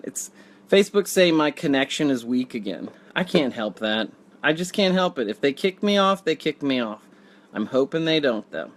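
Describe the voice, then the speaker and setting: A man's voice: on the high side, lively intonation, moderate pace, a bit bright. A man hosting a casual live video, reading viewer comments and joking in a rambling, dry way. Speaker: livestream host.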